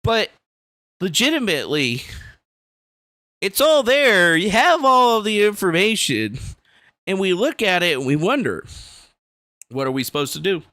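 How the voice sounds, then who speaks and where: Profane, animated man ranting on stream. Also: sits high, a little slow, long pauses, no echo. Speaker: livestream host. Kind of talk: casual political rant. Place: small room indoors.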